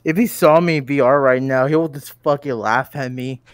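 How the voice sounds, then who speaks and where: A man's voice: medium pitch, fairly even intonation, brisk, clear, resonant tone, no echo, studio quality. A man chatting casually with a friend over a voice call, hesitant and unsure, often trailing off. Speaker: streamer's friend.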